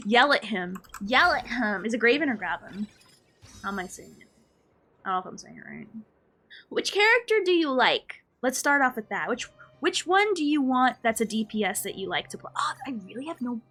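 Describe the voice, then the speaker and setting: A woman live streaming a game, chatting casually with her viewers in an animated, playfully ranting and mock-scolding way. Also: a little high, slightly rough. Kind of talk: casual gaming stream chat.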